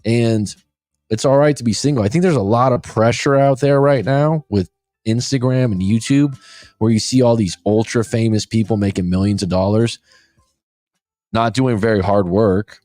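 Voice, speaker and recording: A man's voice: medium pitch, normal speed, darkish tone, no room sound, studio quality. A man in his forties, a life coach hosting a show, talking casually and bluntly, swearing freely. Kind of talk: casual podcast talk.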